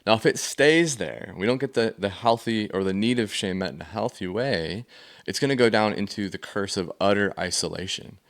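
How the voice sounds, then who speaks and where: Speaking at a moderate pace in a voice on the low side, a man gives a casual faith-based teaching about feelings. He tells stories loosely and conversationally, with plenty of fillers.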